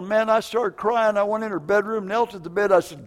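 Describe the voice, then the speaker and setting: Older preacher in a ringing hall. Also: male voice, high voice, fast talker, few pauses. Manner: emotional folksy storytelling, frequent "man" and "okay?". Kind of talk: sermon with personal testimony. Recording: long hall reverb.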